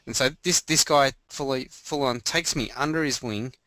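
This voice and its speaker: A man co-hosting a podcast, chatting casually and telling animated stories. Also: mid-range voice, moderate pace, no echo. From Australia. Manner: animated storyteller, acts out voices. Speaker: podcast co-host. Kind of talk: casual chat.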